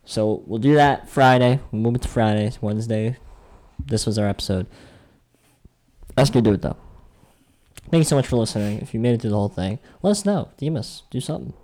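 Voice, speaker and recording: A man's voice: medium pitch, brisk, darkish tone. Male podcast host, loose chatty banter, jokey, trails off mid-sentence. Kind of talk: casual sports betting chat.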